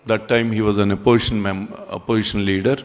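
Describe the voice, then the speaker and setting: A man giving a ceremony speech in a hall, conversational and halting with frequent pauses. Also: lowish voice, flat delivery. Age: 60s. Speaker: business owner speaking at a ceremony.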